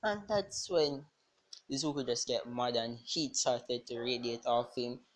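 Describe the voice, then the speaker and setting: A man's voice: mid-range voice, measured pace, a little hiss or hum. A man improvising a fan-fiction story aloud, rambling with many restarts and fillers.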